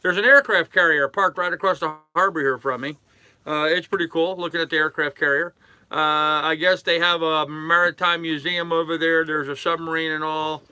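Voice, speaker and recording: An older man live-streaming from his sailboat in a harbor, chatting casually with his chat in a relaxed, rambling way full of fillers. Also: on the high side, normal speed, smooth, dry recording. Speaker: sailing vlogger reading live chat.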